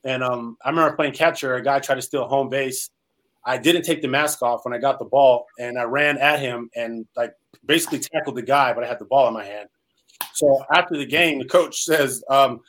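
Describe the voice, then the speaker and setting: A former pro football player from Salinas, California, recounts his life story in an interview, speaking earnestly and rambling with plenty of fillers. His medium-pitched voice is a bit bright and moves at a moderate pace, though the recording is rough.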